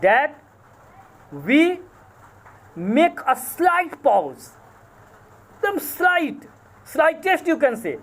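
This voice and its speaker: Indian English college lecturer, high voice, very slow and deliberate, spells out and repeats words, self-correcting. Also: male voice, sing-song, fairly bright tone. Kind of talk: recorded lecture.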